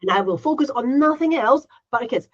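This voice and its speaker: A woman co-hosting a casual podcast speaks in a high, animated voice at a slightly fast pace, with lo-fi sound. She chats on and on, ends her sentences with "right?", and voices her own inner thoughts in little quotes.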